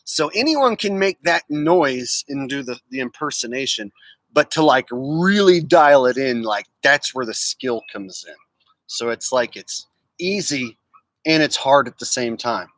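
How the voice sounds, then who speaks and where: A man's voice: mid-range voice, animated, measured pace, fairly bright tone, no room sound, low-quality recording. A man streaming live, chatting in a rambling, jokey way and reading out viewer comments. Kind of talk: casual livestream chat.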